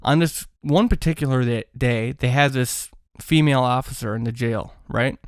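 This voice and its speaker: A man's voice: mid-range voice, normal speed, clear, resonant tone, no echo, clean studio sound. A man telling a paranormal story in a casual, rambling way, full of fillers and restarts.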